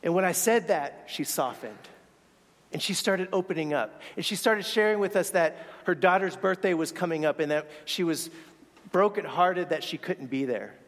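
An earnest man tells a reflective story from the pulpit, his voice sitting a little higher than most men's. He sometimes stumbles and restarts his words. The sound carries a long hall reverb. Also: normal speed. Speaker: speaker sharing a faith story. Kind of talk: sermon storytelling.

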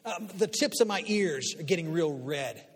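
A man in his fifties speaking to a live audience, an animated storyteller who swings from quiet asides to loud punchlines. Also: a little high, moderate pace. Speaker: guest speaker and media commentator. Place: large hall before an audience. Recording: long reverb of a large hall.

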